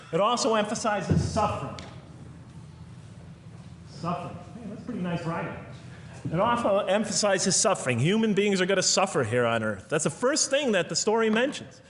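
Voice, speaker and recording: A man with a fairly high voice gives an earnest, reflective lecture, pressing his points with growing emphasis. The sound carries a long reverb, as if recorded in a large lecture hall. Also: a little hiss or hum.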